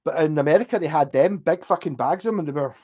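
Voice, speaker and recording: A man's voice: a little high, quick pace, dark tone, husky. A Scottish man livestreaming, chatting casually with viewers in a loose, digressive way, swearing often. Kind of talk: casual rambling chat.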